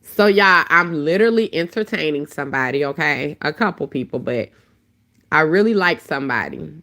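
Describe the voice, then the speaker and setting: A woman with a deep voice and a dry throat, talking bluntly and heatedly in a casual livestream chat on her phone. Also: expressive, moderate pace, vocal fry, bright, forceful tone. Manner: blunt, profane, heated storytelling. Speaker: livestream host.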